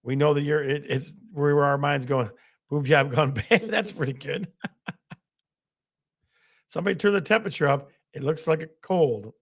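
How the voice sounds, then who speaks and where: A man's voice: a little high, moderate pace, pauses often. A man hosting a live quiz with game-show countdowns, laughing often at his own jokes. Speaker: host.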